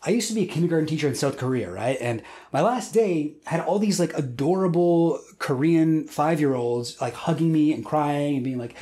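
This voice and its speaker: A man's voice: on the high side, moderate pace, few pauses, dark tone. A man in his thirties hosting a scripted comedic video essay, full of wry, self-mocking jokes.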